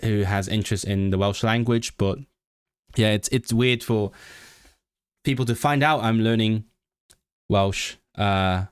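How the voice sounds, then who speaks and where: A young man from Hong Kong with a British English accent, chatting casually on a livestream and thinking aloud in halting bursts, full of restarts and self-corrections. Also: on the low side, smooth, no room sound, clean studio sound. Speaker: livestreamer and language learner.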